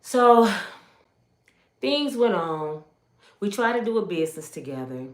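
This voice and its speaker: A woman's voice: medium pitch, big pitch swings, unhurried, roomy sound. A woman from Michigan giving an emotional personal testimony, telling her story with animation and speaking straight to her viewers.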